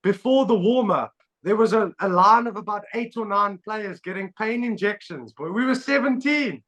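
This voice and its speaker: Male host, casual podcast chat, animated storyteller, slightly high voice. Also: normal speed, low-quality recording. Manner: animated storytelling, laughs often. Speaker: podcast host, former rugby player.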